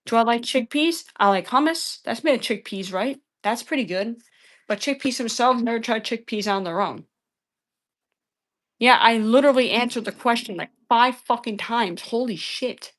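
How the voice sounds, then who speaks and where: A woman's voice: fairly high pitch, moderate pace, a bit bright. Woman streamer, combative and profane, scolding her chat, keeps repeating herself. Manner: repeats phrases over and over. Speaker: livestream debater. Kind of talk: heated livestream argument with chat.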